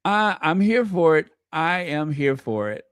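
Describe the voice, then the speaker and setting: In clean studio sound with no room sound, a man with a smooth, fairly high-pitched, very animated voice speaks at a measured pace. He is a royal news commentator giving casual, gushing, chatty video commentary directly to viewers, with many fillers and self-corrections.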